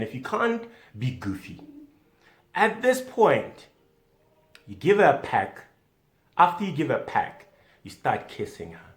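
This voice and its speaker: A man at a middle pitch performs a mock how-to lecture as a comic self-styled doctor. His delivery is wildly animated, leaping between booming emphasis and hushed near-whispers. The sound carries a noticeable echo from the room. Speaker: comedic self-styled sex-advice doctor. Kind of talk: mock instructional monologue. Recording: echoey room.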